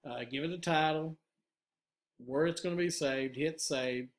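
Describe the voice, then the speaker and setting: Patient male teacher, fairly high voice. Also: unhurried, slight background noise. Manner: patient step-by-step instruction, frequent "uh" fillers. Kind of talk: screen-recorded software tutorial.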